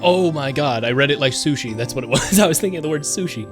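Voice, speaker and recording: A man's voice: fairly high pitch, animated, fast. A man streaming a game, joking and swearing casually as he reads the dialogue aloud. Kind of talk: casual let's-play commentary, reading game dialogue aloud. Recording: game music playing under voice. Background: game music.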